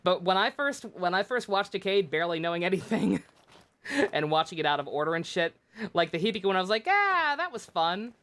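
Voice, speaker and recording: A woman's voice: lowish voice, quick pace. A woman livestreaming a game, chatting casually in a rambling way with many restarts and frequent swearing. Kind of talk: casual gameplay commentary.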